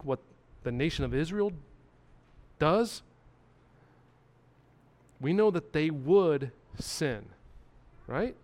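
High-voiced preacher man, earnest. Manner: earnest preaching with repetition and questions to the congregation. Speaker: pastor. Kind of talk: sermon.

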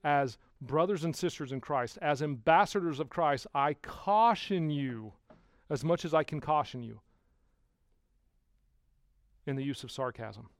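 A man preaching a sermon as pastor, putting rhetorical questions to the congregation and swinging from hushed to loud. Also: fairly high pitch, animated, unhurried, pauses often, dry recording, clean studio sound.

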